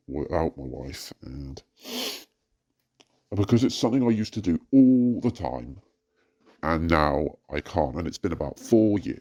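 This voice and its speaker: A man's voice: very deep voice, creaky, darkish tone. A distressed man recording an anonymous personal rant, hesitant with many fillers and breaking into agitated outbursts. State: distressed and frustrated. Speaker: anonymous poster venting about family life.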